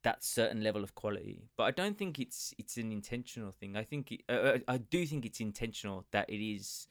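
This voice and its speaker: A man co-hosting a casual round-table podcast, talking in a measured, hedging way with many fillers. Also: lowish voice, lively intonation, no room sound, studio quality. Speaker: podcast co-host.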